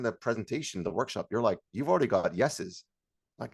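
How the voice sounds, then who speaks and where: Man, sales coach, fairly low voice, lively delivery, acts out calls. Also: fairly quick, creaky, husky. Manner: energetic, acts out call dialogue, shouts hype lines. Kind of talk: sales training talk.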